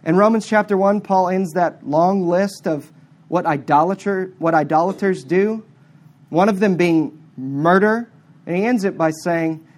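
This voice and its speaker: A preacher giving a sermon, stressing words hard and then dropping to quiet asides. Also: mid-range voice, a little slow. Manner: emphatic, with sharp swings between loud stressed words and quiet asides.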